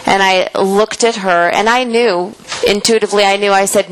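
A woman's voice: mid-range voice, steady tone, moderate pace, rough recording. A woman firmly recounting a shared experience in conversation, with emphatic quoted speech. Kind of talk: conversational storytelling.

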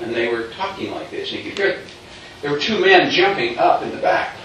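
In a very echoey hall, picked up by a distant mic with faint noise, a man tells a story like a sermon, acting out what people said and chuckling along. His voice is fairly high, animated, fairly quick and a bit bright.

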